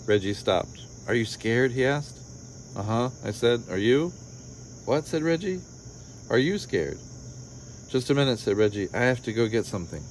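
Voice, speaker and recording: A man reading a children's picture book aloud, gently, lifting his voice a little for the children's lines. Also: expressive, normal speed, slight background noise. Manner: gentle storytelling, voices the children's lines slightly higher and livelier. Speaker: storybook reader.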